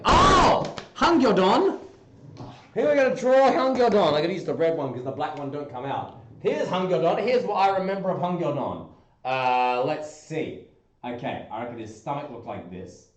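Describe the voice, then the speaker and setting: A man hosting a casual livestream, chatting playfully with viewers and breaking into goofy squeaky bursts. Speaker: livestream host. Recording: roomy echoey room.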